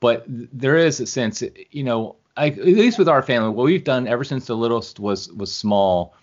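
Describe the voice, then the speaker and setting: A man's voice: mid-range voice, expressive, moderate pace, a little mellow. A middle-aged man chatting as an interview guest, rambling and correcting himself as he goes. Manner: rambling, self-correcting, chuckles often. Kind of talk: casual interview chat. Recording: muffled lo-fi video call audio.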